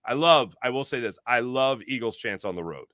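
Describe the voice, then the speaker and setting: A man hosting a live postgame sports podcast, reading viewer comments in an energetic, rambling, jokey way. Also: mid-range voice, moderate pace, no room sound, studio quality.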